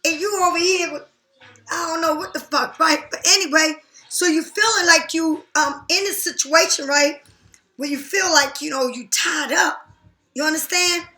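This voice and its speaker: A woman's voice: very high voice, normal speed, roomy sound. Blunt, profane woman reading tarot. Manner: blunt, profane, animated, talks straight to the viewer. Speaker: tarot reader. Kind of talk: casual tarot reading to camera.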